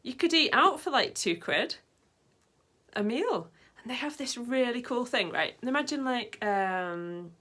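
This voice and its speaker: A woman's voice: on the high side, animated, measured pace, sharp tone. A woman vlogging in a casual, rambling way, full of fillers and side tangents. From Britain. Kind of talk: casual chat to camera.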